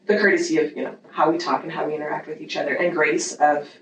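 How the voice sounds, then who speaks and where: A woman's voice: sits low, quick pace. A woman who works as a parenting educator, talking animatedly in a casual interview and circling her points as she goes. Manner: animated, rambling with many fillers and restarts. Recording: echoey room, distant mic, faint noise.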